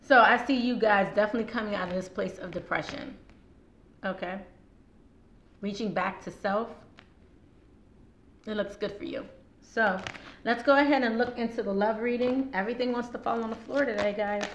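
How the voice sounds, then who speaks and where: Chatting straight to her viewers, a tarot reader with a sore throat talks in a mid-range, fairly bright voice at normal speed, pausing often and laughing a lot. The casual on-camera reading has a roomy echo and faint background noise.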